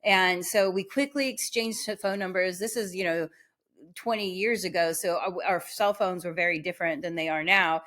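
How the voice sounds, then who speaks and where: A woman hosting a podcast, telling a personal story in a rambling, animated way, full of restarts and filler words. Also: on the low side, moderate pace. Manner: animated, acts out the voices in her story. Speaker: podcast host.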